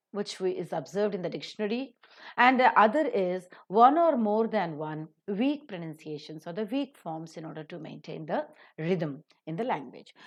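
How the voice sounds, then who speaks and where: A middle-aged woman giving a recorded phonetics lecture, slowly and deliberately modelling example sentences. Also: mid-range voice. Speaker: English phonetics teacher.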